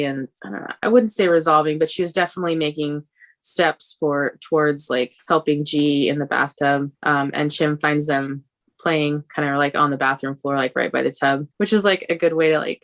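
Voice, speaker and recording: A woman's voice: low-pitched, creaky, fairly bright tone. A woman podcast co-host recapping a TV episode in casual chat, rambling with lots of fillers. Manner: rambling recap with many fillers and quoted lines.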